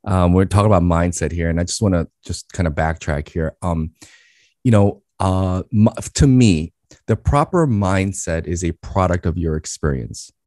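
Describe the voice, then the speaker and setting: A man from Queens, New York, sharing a story in a podcast interview, animated and full of restarts. His voice is very low and deep. The recording is close and dry, with no room sound. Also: moderate pace, no echo. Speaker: guest, business speaker.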